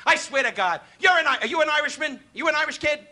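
A man from New doing live stand-up insult comedy, firing brash rapid jabs at audience members. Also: extremely high pitch, lively intonation. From New York. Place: live club stage before an audience. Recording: noisy archival live recording, loud crowd laughter.

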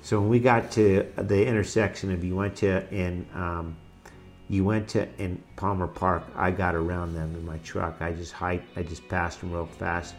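A middle-aged man telling his own life story in a halting, emotional way, with many restarts. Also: low voice, level tone, soft background music. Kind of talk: personal testimony.

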